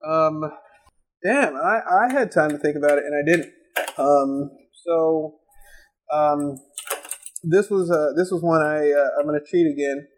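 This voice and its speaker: A man's voice: on the high side, measured pace, pauses often, slight background noise, low-quality recording. A young man co-hosting a casual podcast, rambling with lots of fillers and restarts and laughing often. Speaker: podcast co-host. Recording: amateur home podcast recording.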